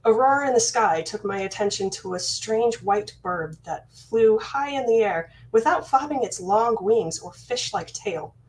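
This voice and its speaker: A woman's voice: medium pitch, lively intonation, unhurried, few pauses, distant mic, rough recording. Woman narrating slightly off-mic. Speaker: author reading her novel. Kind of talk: first-person fantasy narration.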